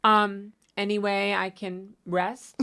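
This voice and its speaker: A woman's voice: medium pitch, little pitch movement, slow, bright, forceful tone, smooth. A woman on a podcast telling a frank dating story in a chatty, self-deprecating way, acting out what people said. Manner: chatty, self-deprecating, laughing, acts out quotes. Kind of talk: casual chat.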